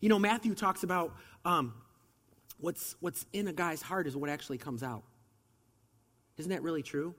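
A man's voice: a little high, normal speed, long pauses, a bit bright, long reverb tail. A man preaching a sermon in a conversational way, asking the audience rhetorical questions, and he has a slight cold.

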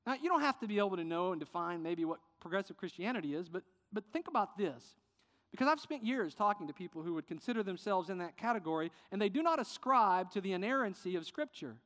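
A man preaching a sermon as pastor, earnest and sometimes softening with emotion. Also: high voice, animated, fast talker, big-room sound. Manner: earnest preaching, quieter and tender when emotional.

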